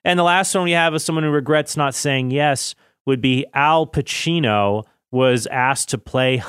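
Man, thirties, casual film commentary, chatty, self-correcting, mid-pitched voice, dry close sound. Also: a little slow, hardly any pauses, fairly bright tone, clear, resonant tone, no echo.

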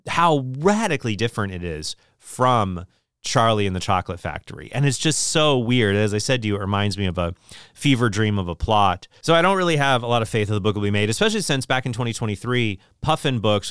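Smooth-voiced man rambling about books. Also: on the low side, a bit bright, no room sound, studio quality. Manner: rambling, opinionated, many restarts. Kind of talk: casual chat about books.

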